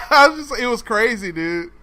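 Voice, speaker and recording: A man co-hosting a casual podcast chat, animated and acting out incredulous quotes with laughs. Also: high voice. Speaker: podcast co-host. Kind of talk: casual chat over a phone call.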